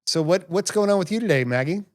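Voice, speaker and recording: A man hosting a casual family podcast, telling stories in an animated, self-mocking way. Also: sits high, quick pace. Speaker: podcast host. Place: home podcast studio.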